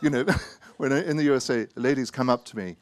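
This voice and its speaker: A man, an author, giving a wry, anecdotal talk full of hesitant pauses and self-mocking asides. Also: medium pitch.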